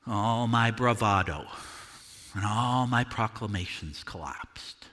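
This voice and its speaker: A man performing a first-person monologue as the Apostle Peter, earnest and confessional, halting over repeated words. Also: medium pitch, pushed and bright, long reverb tail, full character voice. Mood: anguished. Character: Apostle Peter, a remorseful fisherman recounting his denial. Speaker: dramatic monologue performer at a church service. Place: church sanctuary.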